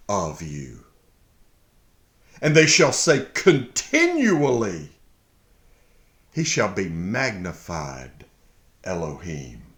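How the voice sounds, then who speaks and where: A man slowly reading and explaining a Bible psalm, halting often, then bursting into excited shouts. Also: on the low side. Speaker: Bible teacher. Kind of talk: casual verse-by-verse Bible reading and commentary. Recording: echoey room.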